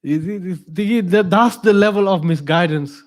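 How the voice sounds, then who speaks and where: A man's voice: high voice, moderate pace. A man, a religious teacher telling a story in a talk, digressive and chatty with asides to the audience.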